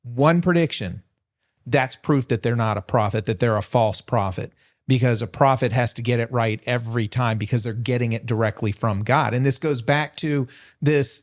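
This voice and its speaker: A man co-hosting a faith podcast, explaining his points in a steady, conversational way. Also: medium pitch. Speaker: podcast co-host.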